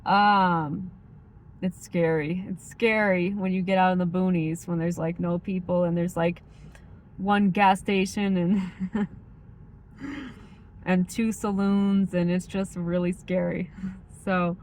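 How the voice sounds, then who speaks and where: A woman with a faint Midwestern accent chatting casually as a vlogger, rambling and filling every pause with "like" and "um". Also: on the low side, steady tone, a little mellow, slight background noise. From United States. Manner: rambling, heavy use of like and um. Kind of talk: casual chat.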